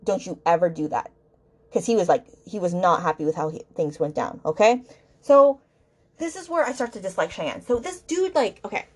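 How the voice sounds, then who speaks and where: A woman's voice: medium pitch, lively intonation, fairly quick. A woman hosting a book podcast, ranting casually in an exasperated, rambling way with lots of fillers.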